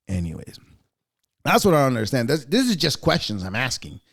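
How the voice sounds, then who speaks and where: Lively, profane man ranting. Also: on the high side, fast talker. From United States. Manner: profane, sarcastic, rambling rant. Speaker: podcast host. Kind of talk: casual opinionated monologue.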